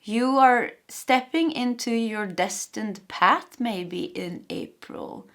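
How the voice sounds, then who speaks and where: Doing a pick-a-card tarot reading, a young Swedish-accented woman speaks quickly and with lots of energy, frequently saying the same phrases again. Her voice is a little high and gravelly with a fairly bright tone.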